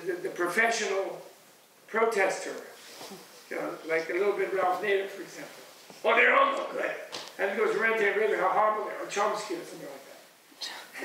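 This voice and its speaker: This closing talk at a retreat comes from a spiritual teacher whose voice is high and gravelly. Animated and digressive, he laughs softly and mimics others as his lecture meanders. It was captured from a distance in a large echoey hall, and a faint hiss runs underneath.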